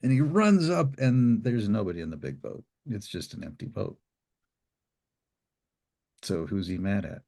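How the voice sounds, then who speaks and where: A man as an interview guest, telling a story in a relaxed, rambling way with many fillers. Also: lowish voice, unhurried, vocal fry, pauses often. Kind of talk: reflective storytelling.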